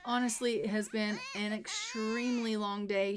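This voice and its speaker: A woman's voice: mid-range voice, a little fast, few pauses, background noise. Chatty woman narrating a life-sim game. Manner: chatty, wry asides, frequent laughs. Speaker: let's play narrator. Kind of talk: casual gameplay commentary.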